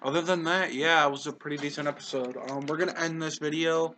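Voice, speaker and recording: A man's voice: fairly high pitch, steady tone, quick pace. A man casually co-hosting a review chat, giving plain, matter-of-fact opinions. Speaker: co-host reviewing a TV series.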